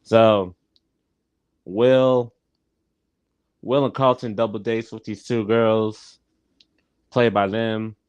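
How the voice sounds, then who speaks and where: A man's voice: medium pitch, clean tone, no echo. A man hosting a live stream, casually recapping a sitcom episode, often laughing and restarting his phrases. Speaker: show host and TV reviewer.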